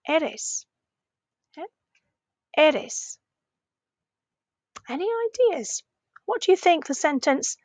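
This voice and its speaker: A woman teaching a recorded lesson for children, slowly modelling phrases with a clearly rising question tone and patient, encouraging talk. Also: high voice, no room sound. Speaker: primary Spanish teacher.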